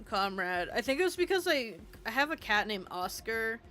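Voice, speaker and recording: A woman's voice: on the high side, big pitch swings, normal speed, sharp tone. A young woman streaming while she builds in a game, chatting in a rambling, self-deprecating way and swearing freely, with faint game music behind her.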